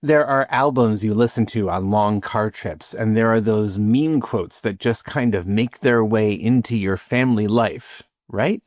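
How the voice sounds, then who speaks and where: A man hosting a podcast, reading scripted reflections in a measured, lightly humorous way. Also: lowish voice, darkish tone, no echo, studio quality. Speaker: podcast host, rabbi.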